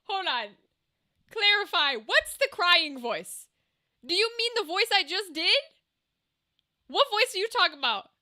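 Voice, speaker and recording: Woman streamer, high bright voice, loose and profane with her chat. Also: animated, unhurried, pauses often. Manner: chatty, swears freely, laughs often. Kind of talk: casual chat with a live stream audience.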